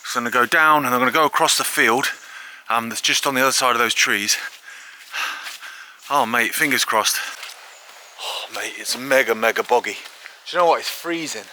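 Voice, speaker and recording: A man hosting a walking exploration video outdoors, chatting excitedly to a handheld camera with frequent filler asides. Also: mid-range voice, normal speed, long pauses, slight background noise. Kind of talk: casual walk-and-talk to camera. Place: outdoors in fields, woods and an old quarry.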